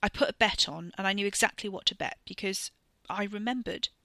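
A woman's voice: mid-range voice, fairly quick, pushed and bright, no echo. Woman reading a cocky, rambling teenage boy. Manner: casual, rambling, boastful.

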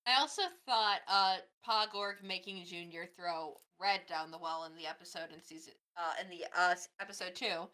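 Bright, excitable young woman. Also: on the low side, moderate pace, few pauses, low-quality recording. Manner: excitable, gasps and exclaims. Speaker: podcast co-host. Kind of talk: casual chat.

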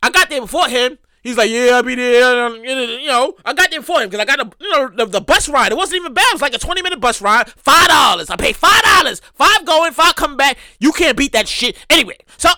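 A person telling a casual story in a monologue, profane and animated, repeating phrases for emphasis. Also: high voice, fairly quick, few pauses, no echo, clean studio sound.

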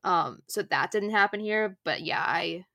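Casting: Minnesotan-accented woman, podcast co-host, bright tone, dry close sound, filler-heavy casual chat. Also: lowish voice, a little slow, dry recording. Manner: chatty, lots of "like" fillers.

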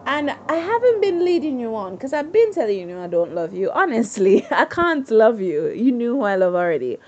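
A woman voicing a cold, scheming father bent on revenge, speaking slowly in a low, menacing way. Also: very animated, muffled recording. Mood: dismissive.

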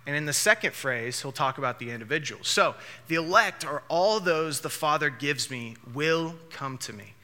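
A man's voice: mid-range voice, pushed and bright. A man preaching a sermon as a pastor, emphatic and repeating key phrases for stress. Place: church hall. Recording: long hall reverb.

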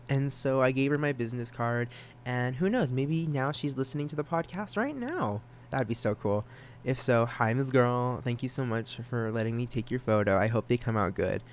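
A young man hosting a solo podcast, talking casually, excited and self-conscious, stammering through restarts and rambling. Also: medium pitch, normal speed, a little hiss or hum. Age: young adult. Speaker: podcast host.

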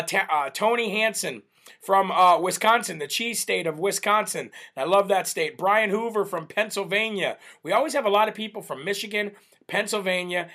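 A man hosting a live stream, reading out viewer shout-outs in a chatty, casual way, laughing often and using many fillers. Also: sits high. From United States. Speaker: livestream host.

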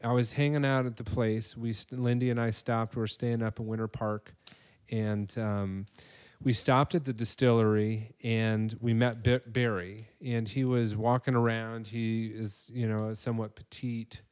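A man's voice: fairly low pitch, flat delivery, normal speed, a little mellow, clean tone. A man hosting a casual podcast chat, rambling and full of fillers. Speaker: podcast host.

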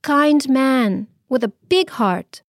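A woman storyteller voicing a gentle, loving wife who speaks softly and soothingly. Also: high-pitched, animated, no echo, studio quality, pitched above the performer's own voice, exaggerated voice. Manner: soft, soothing, slow comfort.

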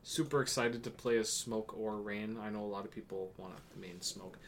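A man chatting on a casual podcast about games. He talks in an offhand, deadpan way and swears freely. Faint background noise runs under his voice. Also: on the low side, normal speed. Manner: offhand, profane, deadpan jokes. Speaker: podcast co-host.

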